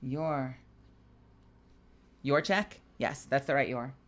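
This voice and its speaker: A woman voice actor chatting casually on a live stream while signing autographs, excitable and chatty, laughing often and swearing freely. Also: rumbling low, slow.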